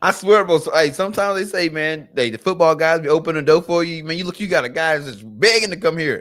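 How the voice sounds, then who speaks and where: This man co-hosts a podcast and talks casually about sports, speaking fast in a higher-leaning voice with hardly any pauses. Animated in his storytelling, he restarts phrases, repeats words, and mimics the people he quotes.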